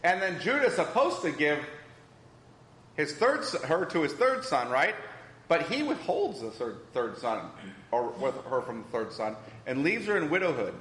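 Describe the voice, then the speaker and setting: A man's voice: on the high side, sing-song, moderate pace, a bit bright, a little hiss or hum. A man teaching a Bible class, asking the group questions and repeating their answers. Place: church hall. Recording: echoey hall with long reverb.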